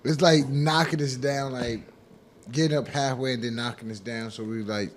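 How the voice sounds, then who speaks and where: A man's voice: mid-range voice, steady tone, normal speed, a little hiss or hum. Loose, crude male radio co-host. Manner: loose, crude, stumbles and repeats words. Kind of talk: casual banter.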